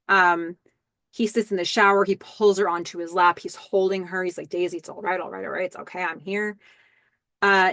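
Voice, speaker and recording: Woman calmly recapping a TV scene. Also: medium pitch, dry recording. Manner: describes scenes step by step, soft quoting of lines. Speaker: podcast host. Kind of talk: rewatch recap narration.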